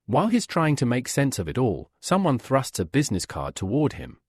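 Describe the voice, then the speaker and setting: A man narrating a comic recap in steady scripted storytelling. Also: mid-range voice, brisk, husky, dry recording. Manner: steady storytelling, reads all quotes.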